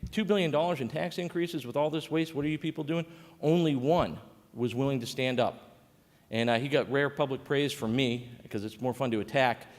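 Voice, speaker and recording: A man giving a conversational conference panel talk as a state coordinator, with frequent fillers and restarts. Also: medium pitch. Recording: reverberant conference hall.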